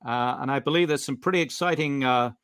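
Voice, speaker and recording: A male guest author on a video call, speaking in a dry, close sound. He talks haltingly and restarts often. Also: mid-range voice, a bit bright, smooth, no echo. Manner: halting, hesitant, many restarts. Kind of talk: casual interview.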